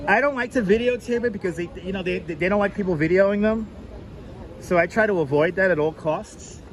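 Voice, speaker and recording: A man's voice: sits high, fairly quick, rough recording. A man livestreaming as he walks through city streets, chatting casually and greeting viewers by name, on a wireless clip-on mic. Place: outdoors on busy city streets in summer heat. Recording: street traffic noise behind.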